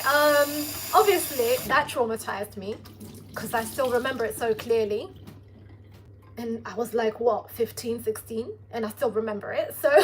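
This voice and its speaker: A woman hosting a live stream from her home kitchen, rambling and laughing as she chats and does chores. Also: fairly high pitch. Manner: rambling, chatty, laughs often, talks to herself while doing chores. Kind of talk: casual live-stream chat. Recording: echoey room with background noise.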